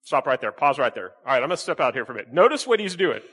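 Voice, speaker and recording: A man's voice: mid-range voice, very animated, very fast, fairly bright tone, slightly rough, long reverb tail. A man preaching a sermon to his congregation, quizzing them with frequent questions and playful asides. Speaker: pastor. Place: church sanctuary with congregation.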